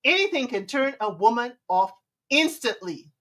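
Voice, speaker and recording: A woman's voice: on the high side, sing-song, moderate pace, recorded from a distance. A woman hosting a live stream, giving relationship advice in a sassy way and humming disapproving mm-mm sounds. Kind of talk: casual live commentary.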